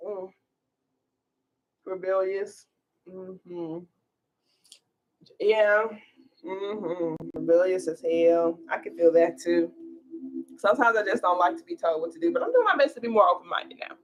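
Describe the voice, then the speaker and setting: A woman's voice: fairly low pitch, measured pace, long pauses, rough recording. A young woman talking casually on a tarot livestream, chatty and slangy with lots of fillers.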